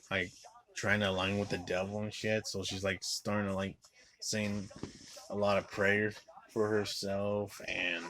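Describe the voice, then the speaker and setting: A man's voice: lowish voice, a bit bright, a little hiss or hum. A man recapping a film in a profane, rambling rant, full of "like" and flaring into angry outbursts. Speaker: movie reviewer.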